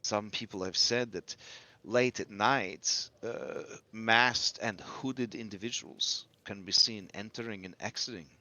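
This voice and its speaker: A man voicing a wary, sober woman who gives grave, deliberate warnings in a tabletop game. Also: fairly low pitch, pushed and bright, no room sound. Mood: confiding. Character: wary older woman innkeeper, sober and measured.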